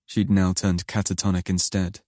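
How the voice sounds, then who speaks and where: A man narrating an audiobook in first person, in a slow, low, intimate and brooding manner. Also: little pitch movement, a little mellow, no echo, clean studio sound.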